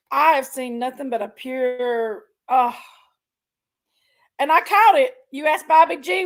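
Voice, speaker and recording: A woman hosting a casual livestream chat, rambling and greeting each viewer by name with drawn-out, effusive exclamations. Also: high-pitched, a bit bright. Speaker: livestream host.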